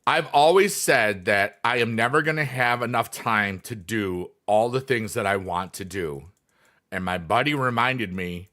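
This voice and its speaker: Brief: bright-toned male streamer, chatty, wandering, full of ums. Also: lowish voice, unhurried. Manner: rambling, many fillers, reads chat aloud. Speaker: livestreamer, former teacher. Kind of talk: casual livestream chat.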